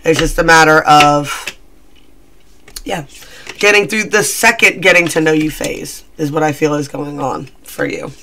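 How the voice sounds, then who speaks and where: A man's voice: on the high side, lively intonation, a little slow, vocal fry, sharp tone, slight background noise. A man giving a casual, rambling tarot reading, chatty and self-deprecating. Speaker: tarot reader.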